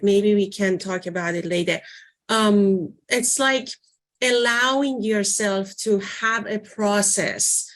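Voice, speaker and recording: A woman leads a workshop in a relaxed, conversational teaching voice. She often pauses and reaches for words, filling the gaps with small hesitations. Her pitch sits in an ordinary middle range. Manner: conversational, searching for words with frequent fillers. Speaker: workshop presenter. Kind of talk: informal teaching talk.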